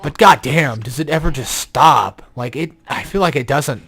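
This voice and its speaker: A man's voice: medium pitch, normal speed, fairly bright tone, slightly rough. A young man giving casual, rambling gameplay commentary, tired and yawning, swearing often and turning exasperated, with an odd robotic glitch on his voice. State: sleepy, yawning. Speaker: game guide commentator.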